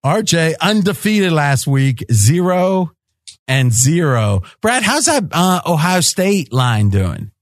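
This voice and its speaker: A man's voice: a little high, big pitch swings, slow pace, no room sound, clean studio sound. A man hosting a sports betting roundtable podcast, teasing his guests and laughing often. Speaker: podcast host.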